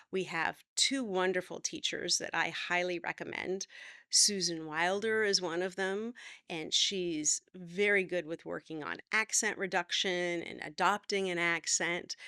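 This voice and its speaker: A middle-aged woman acting teacher explaining voice work in a relaxed, conversational way. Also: on the low side, no echo, clean studio sound. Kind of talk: talking to camera, teaching.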